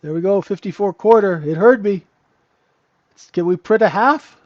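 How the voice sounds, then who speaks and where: A man's voice: sits high, normal speed, pauses often, dull audio. A man hosting a live trading room, giving casual, joking market commentary and answering viewers by name. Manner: chatty, joking, talks to chat viewers by name.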